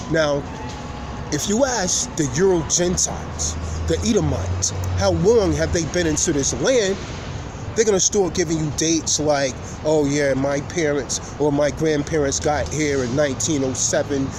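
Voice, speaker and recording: A man holds forth like a street preacher, his voice sitting a little high for a man. He leans hard on key words and stretches out his pauses. Traffic and city noise run clearly behind him outdoors. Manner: emphatic, preacher-like delivery with drawn-out pauses. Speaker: host. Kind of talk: preaching lecture to camera.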